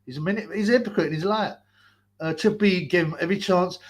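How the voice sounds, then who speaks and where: Fast and high-voiced, a livestream host rants crudely while wearing a mask in a hot basement. He laughs in between mocking people, keeping up profane commentary.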